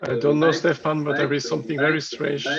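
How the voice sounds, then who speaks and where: A man moderating an open discussion at an online workshop, talking in a halting way as he thinks aloud over video call audio. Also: on the high side, dull audio.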